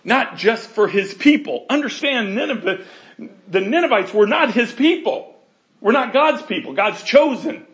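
Guy preaching, high voice, animated and chatty, laughs a lot. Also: a little slow, echoey room. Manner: animated, laughs often, acts out scripture voices. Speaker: pastor. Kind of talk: sermon.

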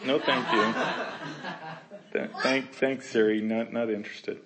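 A man's voice: medium pitch, little pitch movement, unhurried, fairly bright tone. A man leads a verse-by-verse Bible study. He reads each passage aloud and then talks it over casually. He laughs easily and acts out the characters' lines. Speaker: Bible teacher.

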